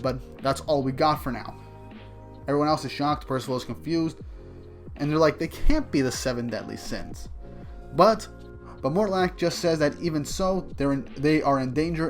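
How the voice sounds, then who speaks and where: A man casually recapping a manga chapter, speaking excitedly and speculatively, often restarting his sentences. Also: medium pitch. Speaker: manga reviewer.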